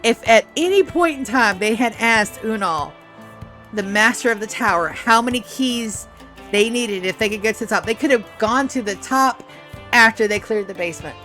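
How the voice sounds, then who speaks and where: A woman's voice: fairly high pitch, normal speed, soft background music. A woman streamer chatting casually while playing a game, telling rambling, profane stories about running tabletop games. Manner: rambling, profane, animated storytelling.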